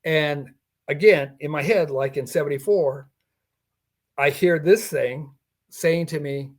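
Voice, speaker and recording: Slow-paced and a little high, an older man's voice relays a personal story during a podcast interview where he's the guest. He acts out what was said in the encounter and keeps chuckling.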